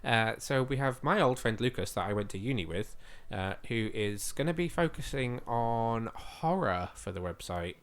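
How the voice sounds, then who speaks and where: In casual podcast chat, a man co-hosting the show talks with enthusiasm and plenty of fillers, his voice slightly worn. He has a mid-range, animated voice, speaks at normal speed and barely pauses.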